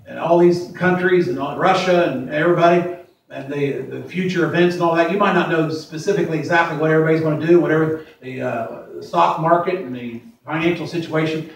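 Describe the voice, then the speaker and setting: A man in his forties preaching a sermon as pastor, plain-spoken, repeating himself and slowing down to stress verses. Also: a little high, gravelly, slight background noise. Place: church sanctuary. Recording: echoey church from far off.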